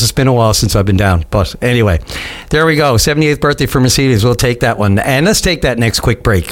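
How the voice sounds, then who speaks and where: A man hosting a call-in radio show, talking in a relaxed, rambling way with lots of fillers. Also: medium pitch. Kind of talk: casual call-in radio chat.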